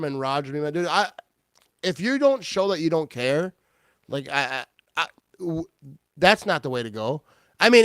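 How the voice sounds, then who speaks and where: A man hosting a casual football talk show, his voice smooth and a touch high. He gets excitable, laughs often and restarts his sentences. The sound is dry and close. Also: no room sound. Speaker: podcast host.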